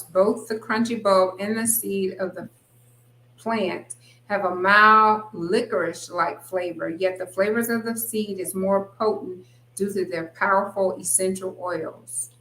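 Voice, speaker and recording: A woman's voice: medium pitch, a little slow, a bit bright, echoey room, poor audio. A woman hosting a casual live stream, chatting and reading viewer comments aloud. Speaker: host.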